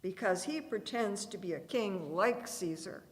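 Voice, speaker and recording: A woman voicing a furious male high priest who shouts accusations at the top of his lungs. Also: expressive, measured pace, close to an everyday voice. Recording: reverberant church hall.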